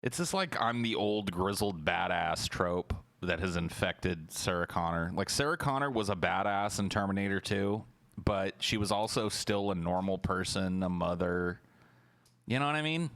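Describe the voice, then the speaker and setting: A man with a lowish voice talks loosely and sarcastically on a livestream. He mocks what he is watching, swears freely, and keeps up a running commentary. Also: expressive, normal speed, fairly bright tone, no echo. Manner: sarcastic, mocking, profane; mimics lines in exaggerated high voices. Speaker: livestream host reacting to a trailer.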